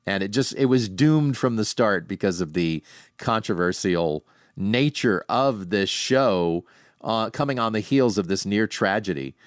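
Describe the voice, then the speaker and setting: A middle-aged man hosting a podcast, casually telling animated anecdotes from home with frequent restarts. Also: on the low side, unhurried, no echo, clean studio sound. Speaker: podcast host. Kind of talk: casual storytelling monologue. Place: home, sitting on a couch.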